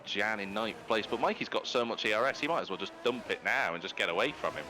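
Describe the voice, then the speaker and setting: A man giving live commentary on an online racing league, his voice rising high and animated as he calls out finishing positions. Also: quick pace, noisy background. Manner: excitable, jumps high when calling positions. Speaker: race commentator. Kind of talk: live esports race commentary.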